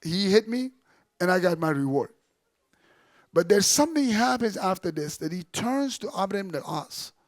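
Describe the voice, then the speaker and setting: A man delivers an animated sermon-style story in a fairly high voice. He swings between loud bursts and quiet, low stretches when he quotes people. The sound is dry and close, with no room echo. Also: moderate pace. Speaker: Islamic lecturer. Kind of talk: storytelling religious talk.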